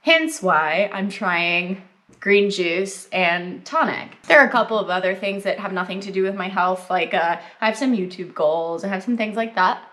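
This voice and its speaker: A woman's voice: mid-range voice, normal speed, fairly bright tone. Chatty woman vlogging while snacking. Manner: chatty, lots of "like" and "um", eating while talking. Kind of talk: casual chat to camera.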